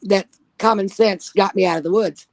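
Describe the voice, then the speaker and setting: A woman's voice: mid-range voice, fairly even intonation, moderate pace, vocal fry, no room sound. A woman telling a spooky personal story in casual chat, blunt and profane. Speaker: guest storyteller.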